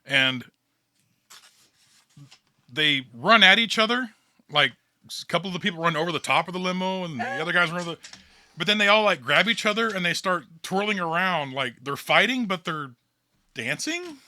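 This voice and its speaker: A man leads a tabletop game as the storyteller, narrating the scene in a loose, chatty way. His voice is very bright and a little high, and it sits close and dry with no room sound. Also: animated, moderate pace, pauses often, dry recording.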